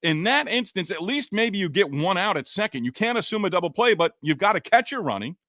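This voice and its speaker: Frustrated sports podcast host, dry close mic. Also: male voice, high-pitched, big pitch swings, a little fast, fairly bright tone, no echo. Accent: Boston. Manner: frustrated, sarcastic, rambling with restarts. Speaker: podcast host reading listener comments. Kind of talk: casual sports podcast talk.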